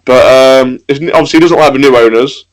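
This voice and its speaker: Brief: male podcast co-host, rapid casual rant about football, mid-pitched, swears a lot. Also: rough recording. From England. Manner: ranting, swears, quick and animated.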